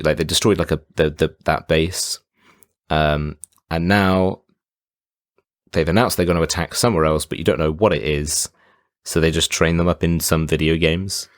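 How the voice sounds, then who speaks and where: Casting: low-voiced male podcast co-host, laid-back and halting, dry close recording. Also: no echo. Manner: laid-back, hesitant, lots of fillers. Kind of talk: casual film review chat.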